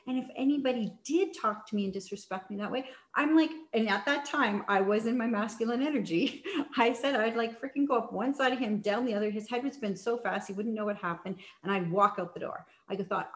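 A woman's voice: medium pitch, a little fast. A woman sales coach talking in a casual teaching style, chatty, with many fillers and restarts. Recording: echoey room.

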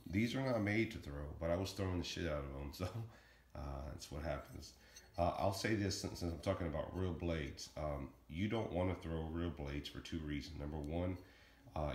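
A middle-aged man casually showing and reviewing his throwing knives, rambling with lots of ums. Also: deep voice. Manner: rambling, many ums, talks fast and plainly. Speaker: knife-throwing hobbyist reviewing his blades. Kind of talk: casual show-and-tell vlog. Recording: echoey room with faint noise.

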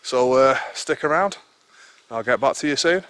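A man's voice: medium pitch, a little fast, a bit bright, clean tone. A man vlogging casually outdoors on a rural hillside, out of breath and chatty, breaking off and rambling as he goes. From England. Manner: chatty, rambling, self-interrupting. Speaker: wild camping vlogger.

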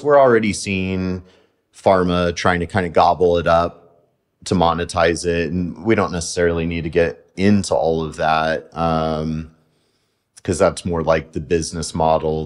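A man hosting a podcast, talking casually and rambling, repeating words and using lots of fillers. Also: deep voice. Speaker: podcast host.

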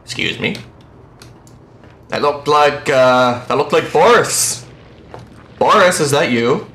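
A man giving excitable, jumpy let's play commentary while playing a horror game, quick to shout and laugh. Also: fairly high pitch, reverberant.

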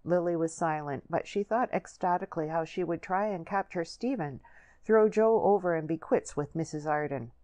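Low-voiced woman narrating a novel. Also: normal speed, warm tone, no room sound. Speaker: audiobook narrator. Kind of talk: scripted narration.

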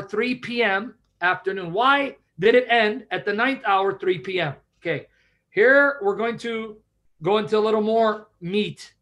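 Emphatic high-voiced male Bible teacher. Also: fairly bright tone. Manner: emphatic, quizzes listeners with repeated questions.

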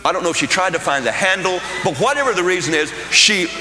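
A man doing stand-up storytelling, animated and acting out voices, recorded in an echoey hall with an audience. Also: high voice, quick pace. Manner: animated, acts out voices and screams. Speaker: comedian. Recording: echoey hall with live crowd. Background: audience laughter.

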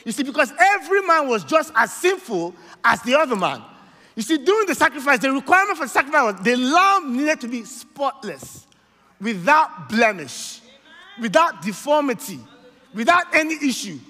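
High, bright Nigerian preacher in a reverberant hall. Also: male voice, big pitch swings, moderate pace. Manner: emphatic call-and-response preaching, frequent "amen?". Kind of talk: sermon.

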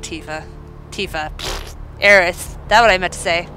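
A woman commentating her gameplay, loud and hammy, shouting playful threats at the characters on screen. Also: fairly low pitch, normal speed, long pauses, smooth. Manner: talks to the game characters. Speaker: let's play host. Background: game music.

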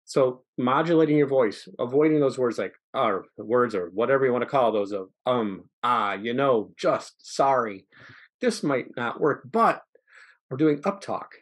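A man's voice: mid-range voice, normal speed, few pauses. A man presenting an online training session, coaching listeners on how to give testimony.

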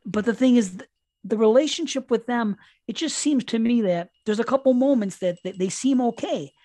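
A man's voice: very high voice, moderate pace, warm tone, dry recording. Rambling man on a dry mic. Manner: rambling, self-interrupting, profane. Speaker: podcast guest. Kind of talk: casual horror film chat.

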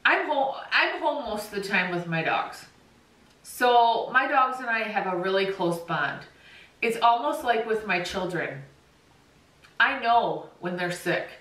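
A middle-aged woman with a bright, clear tone, chatting candidly and warmly to camera. She sits a little back from the microphone. Her voice rings in a roomy, echoey space. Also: mid-range voice. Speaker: dog-owner vlogger. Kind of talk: casual storytelling to camera. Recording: echoey room, voice a bit far from mic.

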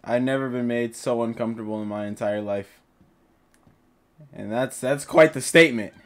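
A man's voice: mid-range voice, normal speed. A young man commentating a horror game as he plays it, jittery and panicky, talking to himself and his viewers. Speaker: gaming YouTuber.

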